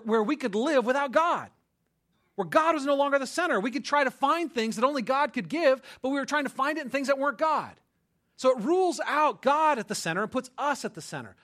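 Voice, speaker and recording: A male pastor delivering a sermon with an animated, conversational style. His voice sits high and swings widely in pitch. The tone is bright and forward. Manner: animated, conversational preaching with frequent "right?".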